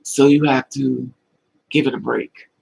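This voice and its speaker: A man's voice: medium pitch, steady tone, measured pace, gravelly, a little mellow, a little hiss or hum, poor audio. A man hosting a livestream, telling personal stories with emotion and replying to chat comments in a confiding way. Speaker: livestream host. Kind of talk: casual livestream talk, answering chat.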